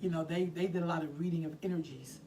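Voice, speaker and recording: A woman's voice: low-pitched, fairly even intonation, fast, crowd noise. A woman hosting a casual chat show with co-hosts. She talks bluntly, curses freely and laughs often. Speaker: show host.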